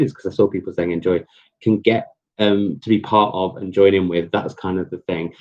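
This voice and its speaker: A man's voice: fairly low pitch, moderate pace. Rambling man on a lo-fi live stream. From England. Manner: rambling, chatty, many ums and restarts. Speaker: book vlogger hosting a live chat. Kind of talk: casual live-stream chat. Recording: dull lo-fi live-stream audio.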